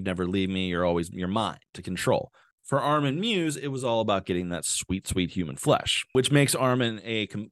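Rambling joking low-voiced man. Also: no room sound, clean studio sound. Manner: rambling, joking, lots of filler and swearing. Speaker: podcast host. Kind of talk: comedic true-crime podcast chat.

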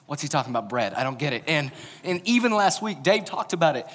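A man's voice: on the high side, sing-song, fast talker, few pauses, fairly bright tone. A young man preaching a candid, conversational sermon as pastor, acting out the voices he quotes. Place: church hall. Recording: long hall reverb.

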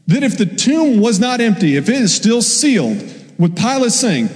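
Pastor, male, high voice, lively sermon with acted-out voices, long hall reverb. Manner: animated, acts out voices of people in the story.

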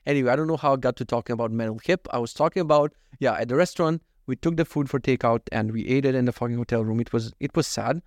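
Guy in his 30s rattling off travel stories super quick, swears a lot, dry close sound. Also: medium pitch, no room sound. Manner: swearing, laughing, tangents. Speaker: vlogger. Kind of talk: casual chat.

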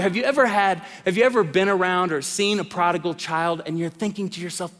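A middle-aged man preaching a sermon as a pastor, swinging between loud calls and hushed lines. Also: high-pitched, brisk, hardly any pauses. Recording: long reverb of a large hall.

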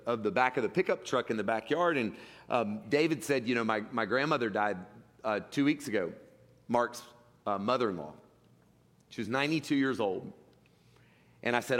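A man's voice: mid-range voice, animated, brisk, fairly bright tone. Conversational male pastor in a reverberant hall. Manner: conversational preaching with frequent restarts and fillers. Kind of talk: sermon. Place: church sanctuary.

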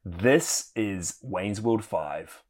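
A man's voice: low-pitched, animated, very slow, a little mellow. A man gushing enthusiastically about a film in a comedic review chat.

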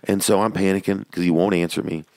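A man's voice: sits low, fast, no room sound, studio quality. A man in his thirties, a comedian, telling family stories in casual podcast chat and swearing casually. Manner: animated storyteller, swears casually.

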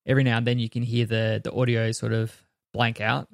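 A man co-hosting a podcast in easygoing casual chat, often halting and restarting his sentences. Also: medium pitch, level tone, creaky, no echo, studio quality. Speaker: podcast co-host.

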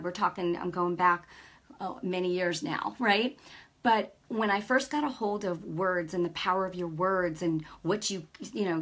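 Middle-aged woman, casual faith talk, animated storyteller, conversational, checks in with listeners. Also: mid-range voice. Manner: lively storytelling, acts out quoted dialogue; peppers speech with "right?" and "you know". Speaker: Christian speaker.

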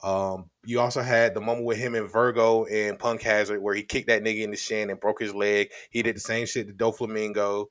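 A man's voice: mid-range voice, a bit bright, no room sound, studio quality. A man co-hosting a podcast, recapping in loose, slang-heavy casual chat and laughing often. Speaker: podcast co-host.

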